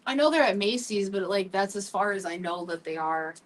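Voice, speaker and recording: A young woman hosting a talk show, telling her own story candidly and emotionally, halting often with fillers. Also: medium pitch, lively intonation, distant mic, slight background noise, low-quality recording. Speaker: podcast host. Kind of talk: personal storytelling.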